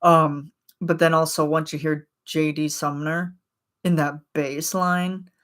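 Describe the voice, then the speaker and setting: Low-voiced, rambling woman streamer. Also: level tone, slow, fairly bright tone. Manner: rambling and chatty, with frequent fillers and laughs. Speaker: livestream host. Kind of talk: casual livestream chat.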